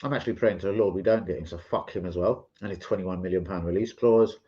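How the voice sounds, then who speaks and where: A man rants on a casual live stream, swearing freely and mocking his rivals in an animated way. His voice sits fairly low in pitch, and the stream audio comes through dull and lo-fi. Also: fast, breathy edge. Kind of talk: casual livestream rant.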